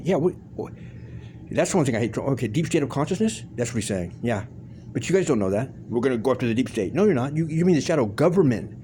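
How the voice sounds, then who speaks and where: A man delivers a rapid-fire political rant, firing off rhetorical questions and curses. His voice has a dark, mellow tone that jumps higher whenever he gets worked up. A faint hum of room noise sits behind him. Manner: heated, profane, rhetorical questions, jumps pitch when fired up. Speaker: political commentator. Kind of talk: ranting monologue to camera.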